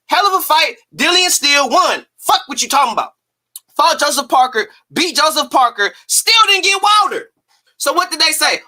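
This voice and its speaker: Male stream host, bright edge, fired up, swearing, hammering rhetorical questions. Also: extremely high pitch, very animated. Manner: emphatic, profane, rapid-fire rhetorical ranting. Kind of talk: heated boxing talk on a live stream.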